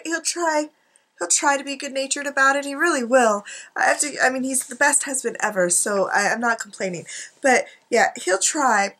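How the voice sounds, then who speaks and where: Rambling middle-aged woman vlogger, high bright voice, giggly, talks to a desk camera. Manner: chatty, giggly, self-mocking asides. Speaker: art journaling vlogger. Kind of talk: rambling casual chat to camera. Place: home craft desk, indoors.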